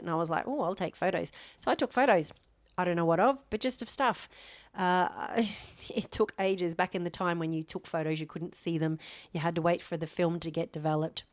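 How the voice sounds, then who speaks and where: Chatty low-voiced woman in her fifties. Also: no echo. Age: 50s. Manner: chatty and self-deprecating, rambling with restarts. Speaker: vlogger. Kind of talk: casual talk to camera.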